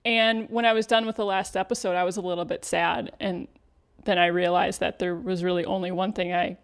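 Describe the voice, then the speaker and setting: A woman co-hosting a podcast in casual chat, measured and upbeat as she reads out listener questions. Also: lowish voice, level tone, clean tone. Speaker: podcast co-host.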